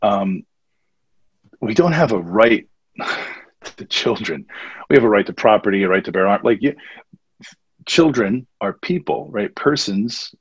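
A man's voice: fairly low pitch, husky, dry recording, muffled recording. A man talking earnestly as a guest in a casual conversation, often repeating his phrases. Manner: earnest and faith-centered, speaks in warm repeated phrases. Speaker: podcast guest.

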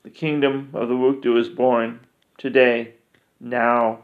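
A man's voice: mid-range voice, level tone, slow pace, lightly acted. A man voicing a humbled, newly crowned male king who speaks earnestly and eagerly. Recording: dull lo-fi recording.

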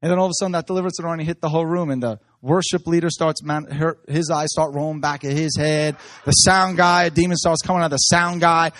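Male preacher, fairly high voice, dry close sound, animated storytelling with laughs. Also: fast talker, hardly any pauses, dry recording. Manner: excited, laughing while telling stories.

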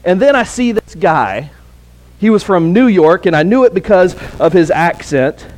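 A man's voice: high-pitched, lively intonation, normal speed, a little mellow. A pastor preaching an earnest sermon to his congregation, often restarting and repeating words.

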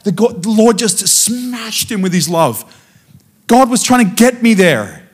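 A man preaching as a guest speaker, telling a personal testimony in a lively storytelling way and acting out the dialogue. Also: high voice, unhurried, husky. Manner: animated storytelling, acting out dialogue with frequent restarts.

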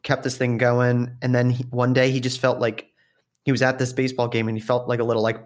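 Laid-back podcast co-host, dry quips. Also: male voice, medium pitch, monotone, fairly quick. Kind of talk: casual chat.

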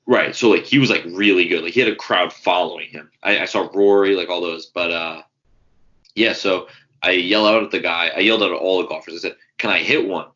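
A man's voice: low voice, fairly quick, bright, forceful tone. A man, co-hosting a casual sports podcast and telling rambling stories with fillers and swearing. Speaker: podcast co-host. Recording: dull lo-fi sound.

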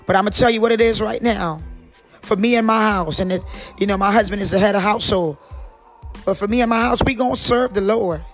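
A woman from North Carolina talks about her faith on her podcast, long-winded and rambling. She is in her forties and keeps circling back with "you know what I'm saying." Soft music plays quietly underneath. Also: medium pitch, a little fast. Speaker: podcast host. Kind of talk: casual faith talk.

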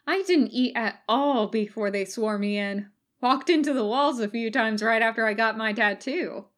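A woman's voice: fairly high pitch, normal speed, close to an everyday voice. A woman doing a wisecracking young ninja woman. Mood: teasing. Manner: joking, teasing.

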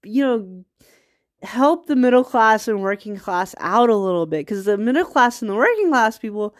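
A woman's voice: fairly high pitch, lively intonation, normal speed. A woman hosting a podcast, talking in a rambling casual monologue with laughing asides, a bit stuffy from a cold. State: has a cold, occasional coughs. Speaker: podcast host.

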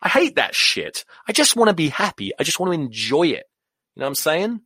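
An English man in his thirties hosting a podcast, ranting casually about rugby in an animated, sweary way that keeps wandering off on tangents. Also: a little high, brisk, breathy edge, no room sound, clean studio sound. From England. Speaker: podcast host.

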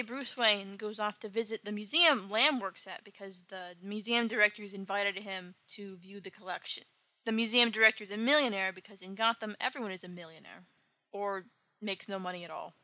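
A woman's voice: medium pitch, pushed and bright, dry recording. A woman casually recapping an old comic with wry, joking asides.

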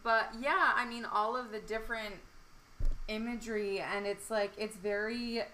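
Bright-voiced young woman, casual chat. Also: a little high, fairly even intonation, moderate pace, a little hiss or hum, poor audio. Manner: soft backchannels, hesitant with fillers. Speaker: podcast co-host.

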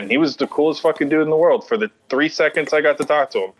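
A man's voice: mid-range voice, fairly bright tone, poor audio. A man telling a story in casual chat, often stalling and restarting his sentences and swearing a lot. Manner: halting, stammering restarts, heavy swearing.

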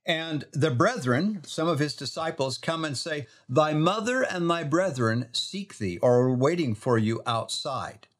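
A man telling a devotional scripture story in an earnest way, reading the quoted verses slowly and softly. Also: on the high side, animated.

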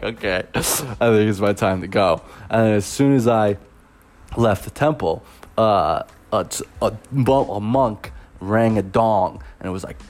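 Deep-voiced young man telling a rambling story. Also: a little mellow. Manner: rambling, loose, with many fillers and chuckles. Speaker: teacher working abroad. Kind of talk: casual storytelling vlog.

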